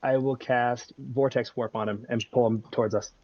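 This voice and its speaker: A man's voice: mid-range voice, fairly even intonation, darkish tone, dry recording, muffled recording. A man playing in a tabletop game, eager and stumbling over his words. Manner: eager, stumbling, quick to laugh. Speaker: player. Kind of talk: casual tabletop play.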